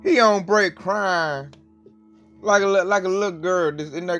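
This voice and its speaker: A man's voice: high-pitched, moderate pace, fairly bright tone, soft background music. A man giving emphatic, colloquial commentary with a preaching edge, often breaking into laughs. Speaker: religious commentator.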